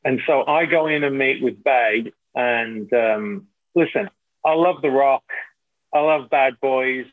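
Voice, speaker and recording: A middle-aged actor, guesting on a casual interview, tells anecdotes in a mid-range voice, taking his time. He's animated, often repeating and restarting, and the audio sounds tinny, like a phone line.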